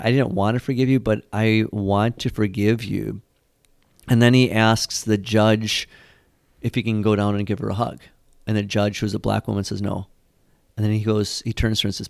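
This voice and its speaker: A man's voice: on the low side, creaky, clean tone, no echo, clean studio sound. A man who is a pastor and catechism teacher, talking in a rambling, storytelling way with frequent fillers in a casual church discussion. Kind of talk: conversational church podcast discussion.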